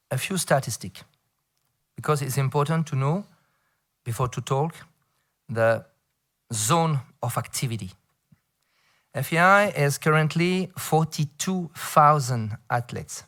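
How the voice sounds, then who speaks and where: A middle-aged man from France with a French accent, speaking English as a second language and giving a conference talk, halting, with many fillers and playful asides. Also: mid-range voice, fairly bright tone. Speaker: federation director addressing a round table. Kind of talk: conference speech.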